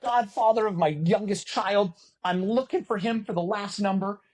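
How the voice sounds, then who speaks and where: A middle-aged man telling a story as a podcast guest in a casual, animated way, cursing and poking fun at himself. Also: high-pitched, normal speed. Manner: animated, profane, self-mocking. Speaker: podcast guest, former volleyball player and announcer.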